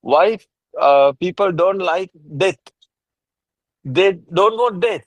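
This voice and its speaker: A man teaching Buddhism in a casual discussion over a video call, halting and repetitive, with frequent soft laughs. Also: sits high, expressive, dry recording, rough recording.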